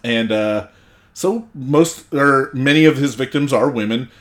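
A man co-hosting a podcast, telling a film's story in a relaxed, casual way and swearing now and then. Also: mid-range voice, unhurried. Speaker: podcast co-host. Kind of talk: casual podcast chat, recapping a film.

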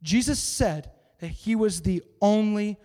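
A man's voice: sits high, unhurried, warm tone. A man giving a casual, joking sermon to an audience, asking many rhetorical questions in a conversational way. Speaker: preacher. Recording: long reverb in a large hall.

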